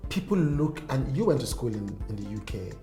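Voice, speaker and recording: A man's voice: mid-range voice, big pitch swings, brisk, warm tone. Guy hosting, chatty, laughs a lot, roomy echo, bit of music behind. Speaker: host. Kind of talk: casual interview. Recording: echoey room.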